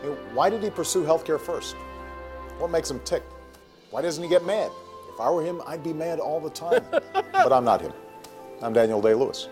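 A man in a comedy sketch playing a self-important method actor who is playing a president, with deadpan delivery and music behind. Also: on the high side, normal speed, long pauses, close to an everyday voice. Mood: earnest.

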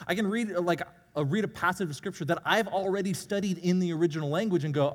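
A man's voice: a little high, quick pace, few pauses. A man, a youth pastor, preaching a conversational, self-deprecating sermon in a church. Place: church sanctuary. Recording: long hall reverb.

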